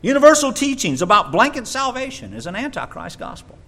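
A man preaching a sermon in an animated way, sometimes mocking others in a high voice. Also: fairly quick, few pauses.

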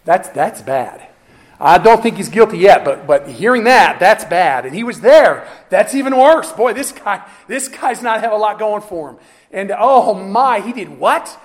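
A man's voice: sits high, animated, a little slow. A man voicing a male judge who mutters to himself, repeating words and growing disgusted.

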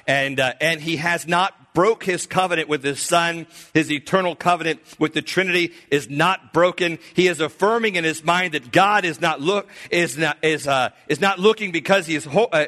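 A man preaching a sermon, swinging between loud, emphatic lines and hushed, slowed passages, often restarting his sentences. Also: fairly high pitch. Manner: earnest, with frequent restarts and filler.

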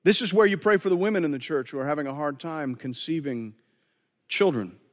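A man's voice: on the high side, brisk. Earnest man preaching in a reverberant hall. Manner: earnest, conversational preaching with repeated restarts. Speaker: pastor. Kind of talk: sermon.

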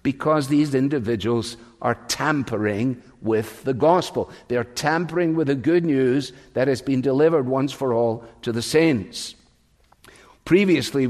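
A man's voice: mid-range voice, a little mellow. An older man preaching a sermon as pastor, raised in England, in a conversational, storytelling way. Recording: long reverb of a large hall.

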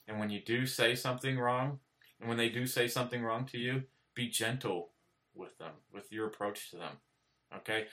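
Facing the camera indoors, a preacher gives a plainspoken, earnest sermon in a bright, pushed mid-range voice. He frequently says "okay?", restarts himself, and rises to emphatic, repeated high points.

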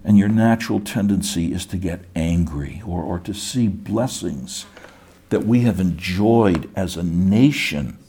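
A middle-aged pastor preaching in a slow, unhurried cadence. His voice is low, dark and mellow, with a husky edge, and he talks earnestly, often repeating words as he builds each point. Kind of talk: sermon.

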